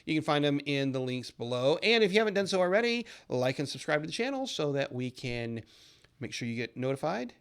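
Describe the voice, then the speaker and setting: Man, slightly high voice, trading lesson host, upbeat, persuasive sales pitch. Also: very animated, a little fast, clear, resonant tone. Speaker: trading educator and channel host. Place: lives in a southern US city.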